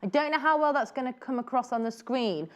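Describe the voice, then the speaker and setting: A woman's voice: sits high, animated, brisk. A woman presenting fabrics on a live shopping channel, chatty and gushing as she exclaims over each print. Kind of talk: live TV selling chat.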